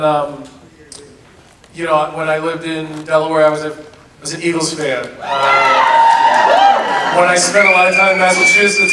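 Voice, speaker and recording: A man answering fan questions at a convention panel, telling stories in a lively way and laughing often. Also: high voice, very noisy. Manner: animated, laughing storyteller. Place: convention hall. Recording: echoey hall, from far off.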